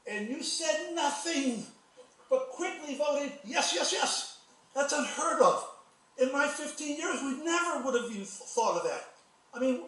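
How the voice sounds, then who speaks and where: Guy grilling the commission at public comment, heard from far in a big reverby room. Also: very high voice. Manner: accusing, pointed questions. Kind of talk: public comment at a city meeting. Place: city commission meeting hall. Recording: echoey council chamber, distant mic.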